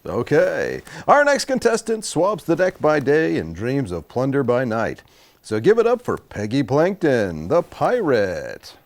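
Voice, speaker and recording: A man's voice: medium pitch, wildly swooping pitch, unhurried. A young man hosting a comedy game show in a showy announcer style. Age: young adult. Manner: showy, swooping announcer delivery.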